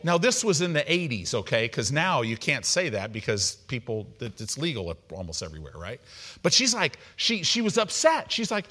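A middle-aged man preaching an evening sermon, animated and conversational, acting out the people he quotes. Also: mid-range voice, moderate pace. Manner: animated, acts out quoted voices. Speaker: pastor.

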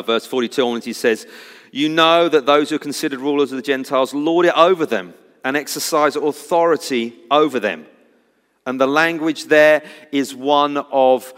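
A man preaching a sermon, telling the story with lively swings from loud, bright bursts to low, hushed passages. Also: in a large hall. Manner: animated storytelling, acting out disciples' voices, wide swings from loud to hushed.

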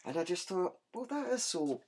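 A man's voice: sits high, very animated, moderate pace, darkish tone, breathy edge. A man chatting casually, telling a rambling anecdote with frequent ums and restarts. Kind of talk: casual chat.

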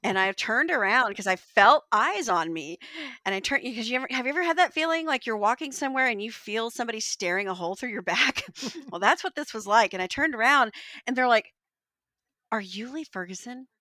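A woman teacher on a podcast telling a story in an animated way, laughing often. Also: on the high side, quick pace, no echo. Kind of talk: anecdote in casual chat.

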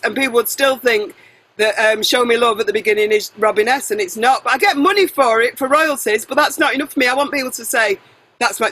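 A middle-aged woman singer talks in a casual interview with a bright, forceful voice. She is chatty and animated. She jumps into tangents and corrects herself as she goes. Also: on the high side, rough recording.

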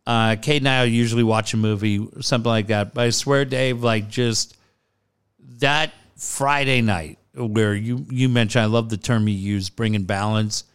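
Smooth-voiced rambling man. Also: on the low side, steady tone, normal speed. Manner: rambling, laughs easily. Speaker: guest. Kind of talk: casual chat.

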